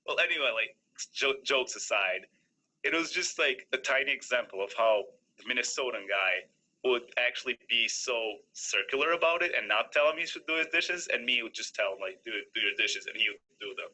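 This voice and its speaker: A man's voice: medium pitch, expressive, normal speed, bright, forceful tone, rough recording. A young man in his early twenties from Albania, a university student telling a casual personal story with many fillers. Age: around 20. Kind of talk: personal anecdote.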